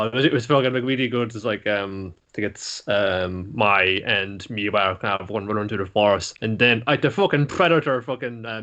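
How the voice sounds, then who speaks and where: A man co-hosting a podcast, recapping an anime episode in a casual, animated way, swearing often and laughing between lines. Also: fairly low pitch. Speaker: podcast co-host.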